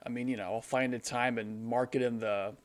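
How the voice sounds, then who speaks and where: A man's voice: medium pitch, steady tone, brisk. A man co-hosting a podcast, chatting casually, rambling with lots of fillers and casual swearing. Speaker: podcast co-host. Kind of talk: casual chat.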